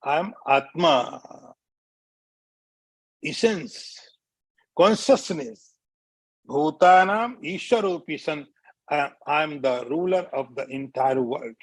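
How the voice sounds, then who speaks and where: A man teaching scripture as a swami, speaking deliberately, repeating key phrases and chanting short verses. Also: fairly high pitch, dry recording. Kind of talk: spiritual lecture.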